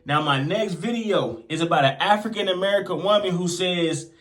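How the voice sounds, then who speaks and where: A man's voice: high voice, animated, a little fast, few pauses, fairly bright tone. A man hosting a video commentary channel, casual and playful, stretching out his hype lines. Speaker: host.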